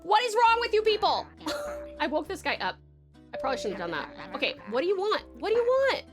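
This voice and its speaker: A Tasmanian Australian woman streams a game frantically, swearing constantly and laughing a lot as she comments. Her voice is extremely high with huge pitch swings, brisk, and heard over music.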